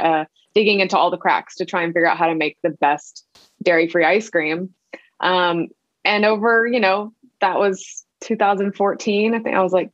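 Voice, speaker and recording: A woman from Louisiana in her thirties talks through her story in a relaxed interview. She chats along with plenty of fillers and acts out what others said. The sound is slightly dull and dry, with no room echo. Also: mid-range voice. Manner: chatty, many fillers, acts out quoted voices. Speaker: guest, ice cream entrepreneur.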